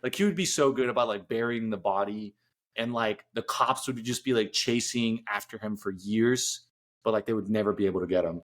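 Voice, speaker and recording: A young man co-hosting a casual sports podcast, joking and slipping into quick impressions as he tells stories. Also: on the low side. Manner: animated, jokey storytelling with quick bits of mimicry. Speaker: podcast co-host.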